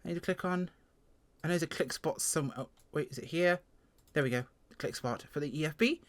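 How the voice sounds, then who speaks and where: Fairly quick in delivery, a speaker from England chats through an informal first review of a flight sim aircraft. He teases himself along the way, and his English-accented voice jumps suddenly in pitch.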